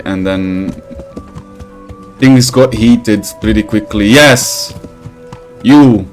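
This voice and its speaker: A man giving casual gameplay commentary, rambling and swearing, who gets animated when he tells stories. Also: on the low side. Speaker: gaming channel host.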